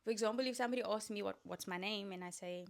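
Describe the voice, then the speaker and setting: A woman's voice: medium pitch, very fast, vocal fry. A woman hosting a solo podcast, giving casual, coaching talk with playful asides. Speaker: podcast host.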